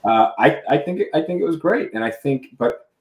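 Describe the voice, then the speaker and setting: A man's voice: fairly high pitch, animated, brisk, a little mellow. A man co-hosting a casual podcast chat, talking hesitantly with many restarts and fillers. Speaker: podcast co-host. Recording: roomy echo.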